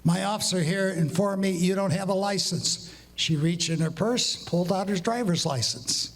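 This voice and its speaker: A man with a high voice tells long story jokes to a live crowd. He walks through each setup step by step and acts out the quoted dialogue. He slows down to draw out every punchline. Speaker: walk-on joke teller. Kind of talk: stand-up joke telling.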